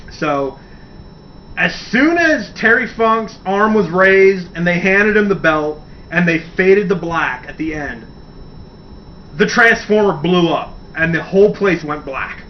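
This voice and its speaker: A man hosting a radio segment, chatting enthusiastically and rambling, swearing casually as he tells a story. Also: high voice. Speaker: radio show host. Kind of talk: casual wrestling talk segment. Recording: distant dull mic with faint hiss.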